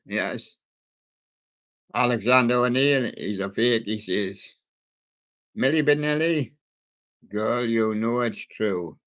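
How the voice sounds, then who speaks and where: The host of this live music stream is a man who jokes and makes puns on song titles in playful music chat. He speaks slowly, pausing often, in a mid-range, fairly bright voice. The sound is dull and lo-fi.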